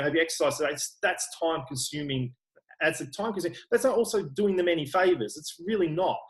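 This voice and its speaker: This guest is an Australian man who works as an online personal trainer, and his voice sits fairly high in pitch. In a casual interview he comes across as frank and earnest, repeatedly restarting sentences, all captured in rough audio.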